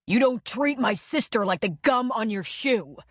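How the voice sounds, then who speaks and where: A woman narrator voicing a furious, protective man with a broken nose, yelling nasally. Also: on the high side, animated, unhurried, dry recording, studio quality, pitched above the performer's own voice. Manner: yelling, threatening.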